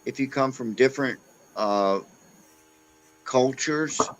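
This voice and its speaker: A man's voice: mid-range voice, slow, slight background noise. A man hosting a casual chat, telling stories with lots of energy. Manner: animated storyteller, acts out voices. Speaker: host.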